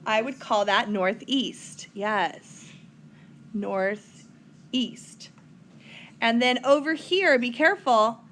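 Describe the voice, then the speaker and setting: A woman's voice: fairly high pitch, very slow, pauses often, a bit bright, slight background noise. A woman teaching a recorded whiteboard math lesson, chatty, with playful asides to her students.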